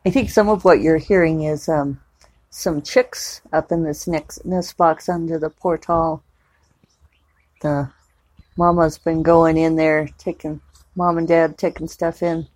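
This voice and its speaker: This woman's voice sits low and is a little mellow, her intonation fairly even and her pace a little slow, on a dry recording. A novelist, she chats casually at home for a vlog, rambling and digressive with many fillers.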